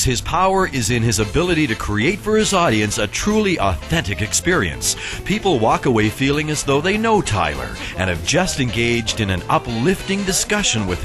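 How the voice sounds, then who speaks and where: Male promo voice-over over loud music. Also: medium pitch. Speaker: promo narrator.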